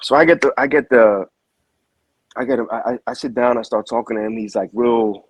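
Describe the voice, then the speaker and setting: A boxing manager tells his story in loose, slangy talk and keeps restarting his sentences. His voice is husky. The sound is close and dry. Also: medium pitch, fairly quick, dry recording, low-quality recording. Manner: animated storyteller, heavy slang, frequent restarts. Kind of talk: casual interview storytelling.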